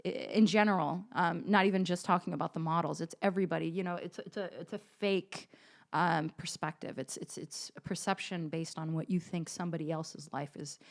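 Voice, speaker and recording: A woman's voice: on the low side, steady tone, brisk, gravelly. A woman singer chatting as an interview guest, blunt and profane with a sarcastic streak. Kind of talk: casual interview chat.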